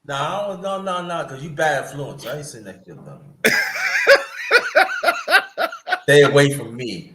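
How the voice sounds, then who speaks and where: A man hosting a casual football chat, animated and swearing, often restarting his sentences. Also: medium pitch, fairly quick, hardly any pauses, reverberant, noisy background.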